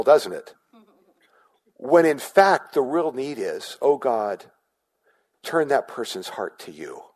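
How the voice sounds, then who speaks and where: A man's voice: medium pitch, a little mellow, low-quality recording. A male pastor giving a sermon in a conversational way, often asking the congregation questions and restarting his words.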